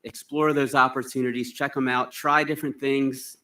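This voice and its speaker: A man's voice: mid-range voice, flat delivery, moderate pace, bright, forceful tone, poor audio. A man who teaches middle school, giving a casual, joking speech with many fillers at an eighth-grade recognition ceremony.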